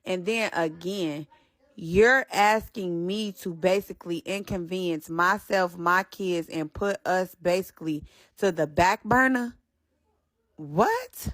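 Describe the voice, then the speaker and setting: A woman's voice: on the low side, slow pace, a bit bright. A pregnant woman telling a storytime vlog, speaking straight to her viewers and repeating phrases for stress.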